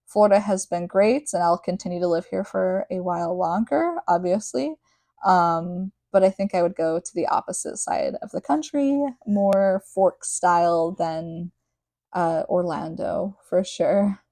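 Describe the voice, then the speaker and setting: A young woman talks through a book chapter in a loose, rambling podcast style, full of filler words and tangents. Her voice is mellow and soft-edged, and the recording is dry and close with little room sound. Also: on the low side, a little slow, no room sound. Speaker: podcast host. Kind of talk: casual book recap podcast.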